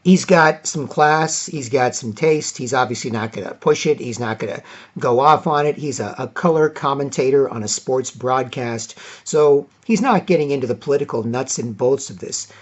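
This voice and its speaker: A man's voice: medium pitch, moderate pace. A man from Toronto, hosting opinionated solo commentary and rambling with lots of fillers and restarts. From Toronto, Canada. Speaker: vlog host.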